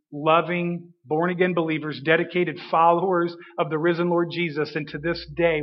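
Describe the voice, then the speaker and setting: A man, a preacher giving a sermon testimony, telling his story with dramatic pauses and emphasis. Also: high voice. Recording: dull reverberant hall.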